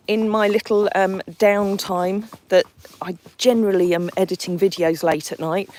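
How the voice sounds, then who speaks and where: A woman's voice: lowish voice, darkish tone, poor audio. An Englishwoman hosting a live stream outdoors, chatting casually as she reads out where her viewers are from. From England. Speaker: horse sanctuary owner hosting a livestream. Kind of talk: live-stream chat while riding a horse. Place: outdoors on a country lane.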